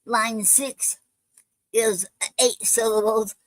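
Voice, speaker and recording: Slow, hesitant woman hosting a livestream. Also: fairly high pitch, steady tone, no echo, rough recording. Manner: hesitant, many ums and restarts. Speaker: live stream host. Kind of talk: casual live stream chat.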